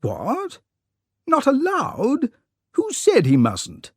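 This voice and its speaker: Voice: high-pitched, wildly swooping pitch, extremely slow, darkish tone, slightly rough, no room sound, studio quality, pitched above the performer's own voice, exaggerated voice. The narrator voicing a flustered, easily troubled elderly male aristocrat who sputters indignant questions in an audiobook story. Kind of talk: audiobook character reading.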